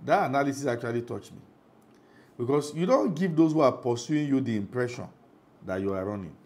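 A man's voice: mid-range voice, expressive, brisk, darkish tone. A middle-aged Nigerian man preaching a sermon as pastor, emphatic, often asking the congregation if they follow.

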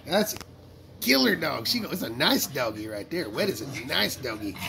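Doting man coaxing his dogs, animated. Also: medium pitch, moderate pace, gravelly, a crowd in the background. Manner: doting, praising, coaxing, laughing often. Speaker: dog owner. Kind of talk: casual talk to his pets.

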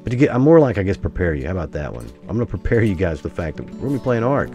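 A deep-voiced American man rambles through his gameplay commentary, his pitch leaping up when excited and dropping into low grumbles. Faint guitar music plays under his voice. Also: racing. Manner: rambling, exclamatory, swings between excited and grumbling. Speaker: gaming YouTuber.

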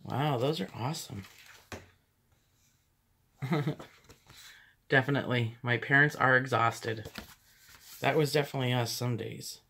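A woman's voice: very deep voice, measured pace, long pauses, a bit bright, a little hiss or hum. A woman chatting casually through a thrift haul, rambling into stories and laughing often. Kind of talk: casual haul vlog chat.

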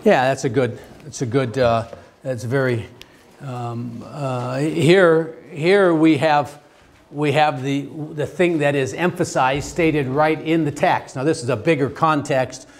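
A man teaching a theology class, talking in a halting way with many restarts and fillers and asking the class questions. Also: medium pitch, steady tone. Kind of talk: classroom lecture.

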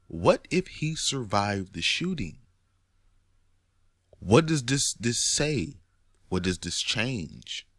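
A man talking in a casual monologue, animated and profane, often rising to near-shouts. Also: fairly low pitch, dry recording, clean studio sound. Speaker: commentator.

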